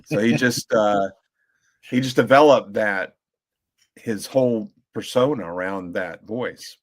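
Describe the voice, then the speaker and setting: A man with a slightly low voice talks loosely on a podcast, circling back and restarting his sentences as he tells a story. He keeps it casual and chatty. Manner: rambling storyteller with many restarts and fillers; briefly mimics slow drawling voices when quoting. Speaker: podcast co-host. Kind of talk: casual chat.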